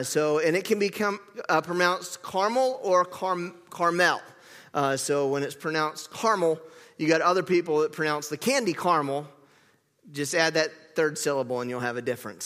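A man's voice: a little high, a bit bright, big-room sound. A man preaching a sermon, chatty and self-correcting, joking with the congregation. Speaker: pastor. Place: church sanctuary.

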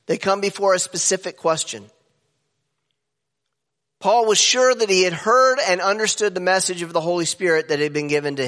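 High-voiced man preaching in an echoey hall. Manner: animated preaching with sudden pitch jumps for emphasis. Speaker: pastor. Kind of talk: sermon. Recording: echoey hall with long reverb.

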